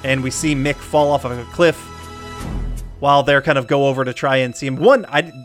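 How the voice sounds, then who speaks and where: A man co-hosting a podcast, recapping a film in casual chat, animated, with frequent laughs and rambling asides. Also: medium pitch, brisk, soft background music. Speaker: podcast co-host.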